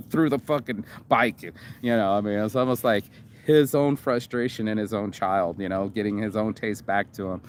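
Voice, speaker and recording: A man's voice: lowish voice, normal speed, a little hiss or hum. A man hosting a casual monologue, reacting to a video. He rambles, swears freely and stumbles over fillers and restarts.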